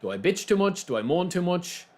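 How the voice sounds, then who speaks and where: His voice sits high and his delivery is brisk. As a game streamer, this young Irish man gives live commentary on his football game while chatting with viewers, reacting animatedly to the action and their comments.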